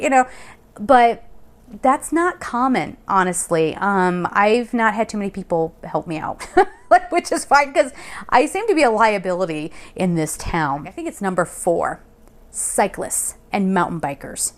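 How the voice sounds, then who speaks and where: Young woman vlogging, chatty and animated, rambles and laughs a lot, mid pitched. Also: moderate pace. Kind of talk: casual storytelling. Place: Colorado Springs.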